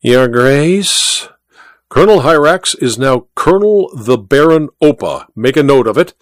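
A man's voice: mid-range voice, animated, unhurried, dry recording, lightly acted. A sardonic, imperious old duke, as a man reads him aloud, lifting his voice above the narration and swinging it widely as he commands. The delivery is haughty and theatrical, recorded close and dry. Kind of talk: audiobook reading.

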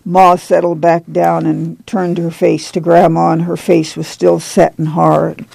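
A reader narrating a novel in a measured, even storytelling manner. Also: medium pitch, creaky, slightly rough, no room sound, rough recording. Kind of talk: audiobook reading of a novel.

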